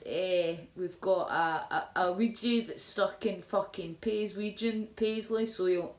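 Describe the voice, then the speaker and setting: A Scottish woman holds a casual livestream, chatting and reading out viewer comments in a loose, rambling way. She swears freely, and her voice sits in the middle of a woman's range. The sound is roomy, with a clear echo around her. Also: medium pitch, a little mellow. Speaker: livestream host.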